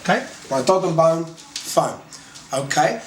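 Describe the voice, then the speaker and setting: A man's voice: a little high, expressive, echoey room, a little hiss or hum. A man with a Cockney London accent teaching slang in a casual lesson, chatty and often checking in with "okay". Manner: chatty, repeats "okay" often, slow deliberate words. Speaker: English teacher.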